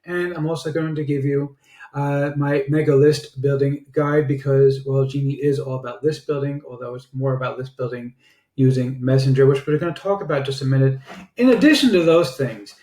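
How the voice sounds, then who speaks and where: A man giving a casual product review and sales pitch, chatty and sprinkled with filler "uh"s. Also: mellow. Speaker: online marketer reviewing software. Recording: roomy echo.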